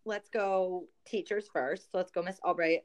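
A woman's voice: fairly low pitch, steady tone, moderate pace. A woman, a Spanish teacher, chatting casually on a school podcast, often restarting her sentences as she thinks. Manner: chatty, restarts sentences while planning a game.

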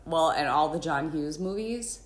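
A woman's voice: low voice, lively intonation, a little slow, a loud crowd. A middle-aged woman co-hosting a podcast, chatty and laughing often. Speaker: podcast co-host. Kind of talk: casual chat. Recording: echoey room.

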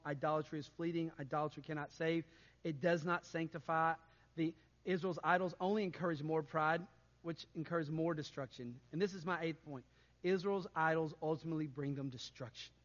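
A man preaching a sermon as pastor, conversational and animated, often adding "right?" to his points. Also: a little high, fairly quick, long reverb tail, highs cut off.

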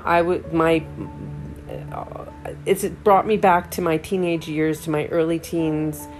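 A middle-aged woman who hosts a podcast shares a personal story in a frank, reflective monologue. Her voice sits on the low side with a darkish tone, and she frequently restarts her sentences.

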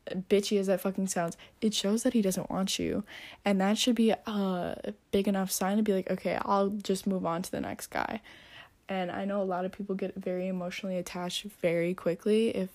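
A woman's voice: medium pitch, a little mellow. Blunt, profane teenage girl. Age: teens. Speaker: vlogger. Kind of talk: casual advice rant.

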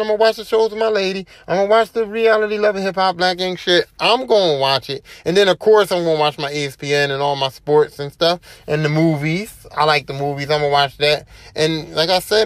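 Speaking solo on his podcast, a young host rambles casually, using lots of slang and frequent profanity. His voice is high, and there's no echo.

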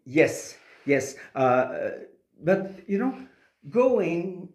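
Québécois-accented man, halting and echoey. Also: sits high, sing-song, darkish tone. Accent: Québécois French. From Quebec. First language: French. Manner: halting, many restarts and fillers. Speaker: opera singer. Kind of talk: interview conversation.

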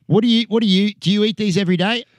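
A man's voice: high voice, racing, dry recording. A man hosting a podcast in a small studio, talking candidly and casually with his guests. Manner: candid, self-deprecating, frequent "yeah". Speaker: podcast host. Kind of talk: casual interview chat.

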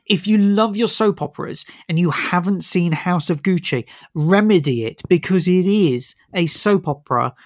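Film reviewer, rambling and keen, even mid pitch, dry studio. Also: moderate pace, few pauses, no echo. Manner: enthusiastic, rambling, with frequent restarts. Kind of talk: casual radio-style film review chat.

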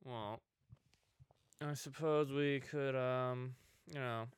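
A man's voice: medium pitch, fairly even intonation, takes it slowly, smooth, no echo. A man co-hosting a comedy podcast in casual chat, dry and laid-back. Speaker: podcast co-host.

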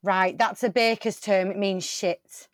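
A woman's voice: medium pitch, steady tone, unhurried, no echo, studio quality, natural voice. Woman playing a bossy know-it-all baker. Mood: cocky. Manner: swearing, confidently making up facts. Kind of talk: improv comedy scene.

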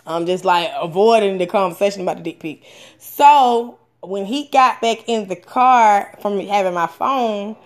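A woman in her thirties tells her own story in a loose, unscripted way, circling back with fillers and restarts. Her pitch sits in the middle range for a woman. She swears freely and jumps up in pitch and volume when she gets worked up. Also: normal speed. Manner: frank and profane, with many fillers and restarts; animated, with sudden rises in pitch and loudness. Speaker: storyteller sharing a personal experience. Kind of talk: candid personal storytelling.

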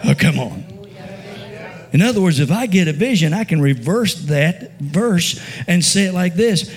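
A man's voice: high-pitched, lively intonation, a little slow. A man preaching a sermon, with call-and-response questions and repeated, building phrases. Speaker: pastor.

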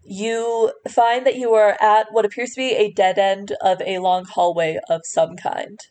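A woman guiding a tabletop game as its game master. She describes each scene in loose, unscripted narration, pausing with fillers and restarting her sentences. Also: mid-range voice, fairly even intonation, darkish tone.

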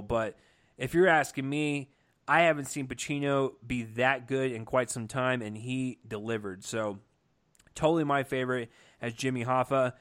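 A man's voice: mid-range voice, fairly bright tone. A man giving a casual, enthusiastic movie review, talking with lots of fillers and restarts. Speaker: film reviewer.

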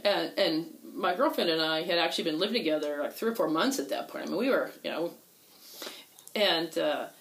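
A woman telling a personal story in casual conversation, halting with many fillers and restarts. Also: on the low side, a bit bright, low-quality recording. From Texas. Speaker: guest telling a coming-out story.

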